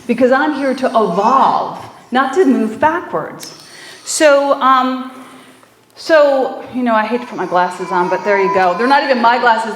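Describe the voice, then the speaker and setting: A woman with a high, bright voice preaches in an informal, chatty way, full of "you know" and quick laughs. Her words ring out in a roomy, echoing church hall. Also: a little hiss or hum. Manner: conversational, warm storytelling with fillers and laughs. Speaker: minister. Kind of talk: sermon. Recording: echoey room.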